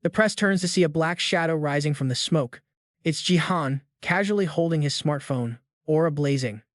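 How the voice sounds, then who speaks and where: A man's voice: a little high, normal speed, no echo, studio quality. Hyped, slangy male recap narrator. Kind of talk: scripted story narration.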